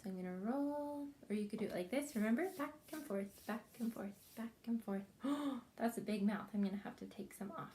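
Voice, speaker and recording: A woman teaching a preschool craft lesson, speaking slowly, gently and encouragingly to young children as they follow along. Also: mid-range voice, slight background noise.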